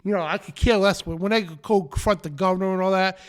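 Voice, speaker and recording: A man's voice: high voice, fast, clean tone. A man hosting a live show, preaching in an emphatic, defiant rant and repeating his phrases. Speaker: show host.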